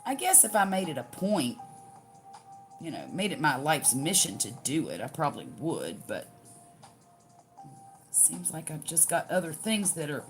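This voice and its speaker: A woman's voice: sits low, sing-song, normal speed, pauses often, faint music behind. An older woman with a Southern US accent chatting casually, folksy, reading out viewer comments and laughing often. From US Gulf Coast. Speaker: livestream crafting host.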